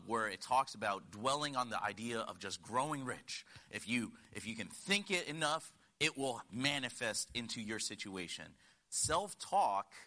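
A man in his thirties from Connecticut preaching a sermon, telling stories earnestly, rising to emphatic points and dropping to quiet asides. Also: medium pitch. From United States (Connecticut). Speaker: guest preacher.

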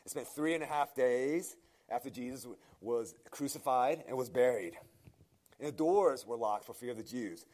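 A man's voice: mid-range voice, normal speed, a little mellow. A man preaching a sermon, opening with prayer and then teaching from scripture in an earnest, emphatic way, often restarting his phrases. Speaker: pastor.

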